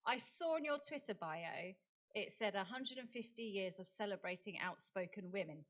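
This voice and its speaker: A woman's voice: medium pitch, lively intonation, moderate pace. A middle-aged woman from England, an autism campaigner, giving a chatty, self-deprecating talk at a forum with many fillers and restarts. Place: lecture hall. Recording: dull lo-fi recording.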